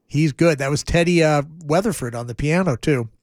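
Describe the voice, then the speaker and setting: A man with a slightly high voice co-hosts a radio music show, joking and laughing as he chats. The sound is close and dry, with no room around it. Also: a little fast, darkish tone, no room sound. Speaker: radio co-host. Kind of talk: casual radio banter.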